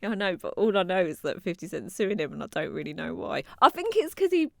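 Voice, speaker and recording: A woman's voice: lowish voice, sing-song, creaky, darkish tone, dry recording, studio quality. A woman, co-hosting a podcast, giggly and rambling in casual chat. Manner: giggly, rambling, quick asides. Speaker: podcast co-host.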